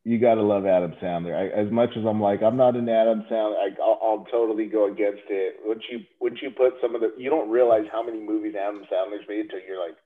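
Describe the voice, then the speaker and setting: A man calls in to a podcast, his lowish voice squeezed into a tinny, phone-like band. He talks earnestly and gushes about what he cares about, then pokes fun at himself with a laugh. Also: steady tone, quick pace, few pauses. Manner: earnest, gushing, self-deprecating. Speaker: podcast guest, company president. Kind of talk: casual podcast chat. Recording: tinny phone-line call.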